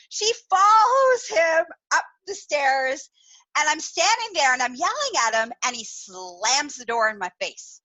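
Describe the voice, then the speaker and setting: A woman hosting a podcast, telling a personal story in a candid, animated way, laughing often and swearing freely. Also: sits high, measured pace, dull audio. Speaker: podcast host.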